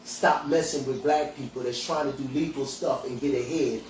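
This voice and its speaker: A man's voice: mid-range voice, steady tone, normal speed, a little mellow, a little hiss or hum. A man hosting a podcast, ranting bluntly and profanely. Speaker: podcast host and hemp dispensary owner. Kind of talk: angry outspoken rant. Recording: echoey room, voice from far off, faint ambience.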